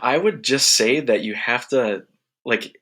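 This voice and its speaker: Male podcast guest, mid pitch, bright tone, easygoing rambling chat. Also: measured pace. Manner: relaxed, rambling, restarts his sentences. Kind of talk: casual chat.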